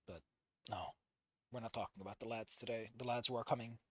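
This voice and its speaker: A woman's voice: very deep voice, fairly even intonation, fairly quick, no echo. A woman reacting to a story she is reading, casual and exasperated, swearing often and voicing her frustration. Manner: exasperated, emotional, swears a lot. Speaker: fan fiction reader and reactor.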